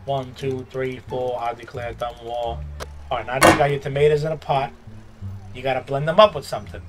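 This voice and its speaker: A man's voice: medium pitch, flat delivery, lightly acted. A man doing a swaggering Italian-American mobster. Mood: instructive. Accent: Italian-American New York mobster. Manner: tough-guy, swaggering, quick to pick fights. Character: brash middle-aged male Italian-American mobster. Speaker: gaming YouTuber. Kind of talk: in-character comedic gameplay commentary. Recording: roomy echo with game music behind.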